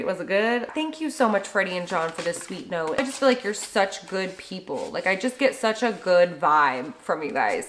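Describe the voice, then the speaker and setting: A young woman vlogging at home, chatting excitedly as she unboxes gifts and gushes over them. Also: medium pitch, slight background noise. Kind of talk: casual unboxing vlog.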